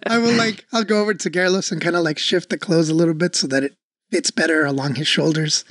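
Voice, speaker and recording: A woman's voice: low voice, fast talker, no room sound, clean studio sound. A woman playing a tabletop game, earnest and giggly as she plays her character. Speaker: player. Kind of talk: casual tabletop role-play.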